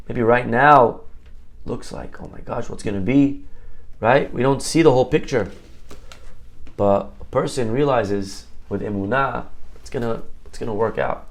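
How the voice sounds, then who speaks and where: A rabbi giving a Torah lesson in a conversational, storytelling way, often tossing in quick "right?" asides to his listeners. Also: mid-range voice, gravelly.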